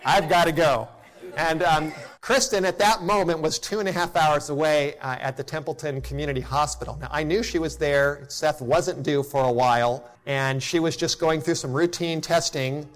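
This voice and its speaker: A middle-aged man preaches to his congregation in a voice pitched a little high. He tells a personal story earnestly and drops almost to a whisper at its tender moments. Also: normal speed. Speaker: pastor.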